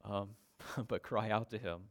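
A man's voice: lowish voice, fairly even intonation, takes it slowly. A man preaching a sermon, emphatic and given to repeating his points. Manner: emphatic, repeats phrases for stress.

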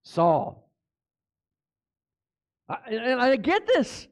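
A man's voice: very high voice, wildly swooping pitch, drawn-out words. A pastor preaching a sermon to his congregation, throwing out rhetorical questions, stumbling over names and correcting himself as he goes.

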